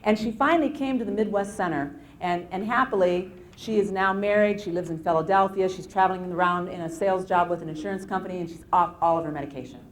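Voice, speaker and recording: A woman's voice: lowish voice, fast talker, few pauses, slight background noise. Woman telling anxiety stories at a seminar. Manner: storytelling with case anecdotes, animated with frequent restarts. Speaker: anxiety self-help lecturer. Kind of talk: live motivational seminar talk. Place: stage at a live seminar.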